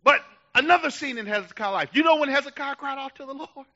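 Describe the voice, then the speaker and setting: A man preaching a sermon in a very high, piercing voice, moving from hushed lines to sudden shouts. His delivery is dramatic and emphatic. The recording sounds dull and lo-fi. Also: lively intonation, fast talker.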